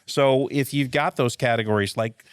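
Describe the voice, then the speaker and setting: A man hosting a casual podcast chat, an animated storyteller who keeps tossing in "right?" asides. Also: medium pitch, moderate pace, clean tone, dry recording, studio quality. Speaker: podcast host and retail veteran.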